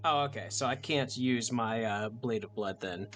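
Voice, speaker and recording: A man's voice: mid-range voice, moderate pace, fairly bright tone, slight background noise. A young man playing in a tabletop game, thinking aloud with many ums and restarts as he weighs his moves. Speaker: player. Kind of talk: casual chat at a tabletop game.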